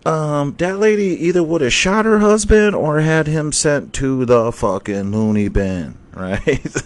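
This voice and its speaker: A man's voice: on the high side, unhurried. A man hosting a casual solo sports podcast, ranting and storytelling with heavy swearing. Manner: profane, rambling, animated storytelling. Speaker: podcast host.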